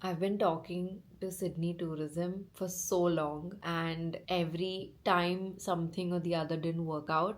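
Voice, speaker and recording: Young female travel vlogger with a lowish voice, gushing and excitable while nursing a cold. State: has a cold and sore throat. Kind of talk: casual travel vlog. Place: hotel room.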